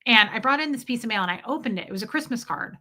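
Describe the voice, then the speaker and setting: Bright-voiced candid woman streamer. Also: fairly high pitch, animated, very fast. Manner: candid, blunt, reads viewer comments aloud. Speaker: livestream host. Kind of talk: casual livestream storytelling.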